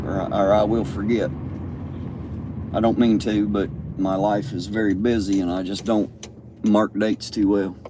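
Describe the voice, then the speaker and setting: A man, hosting a casual livestream from a car at night, plainspoken and swearing freely as he answers chat. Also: lowish voice. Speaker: livestream host reading chat. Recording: car and road noise behind.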